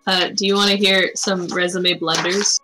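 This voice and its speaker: A woman's voice: on the low side, flat delivery, normal speed, over music, poor audio. A woman co-hosting a casual stream chat, teasing and laughing often.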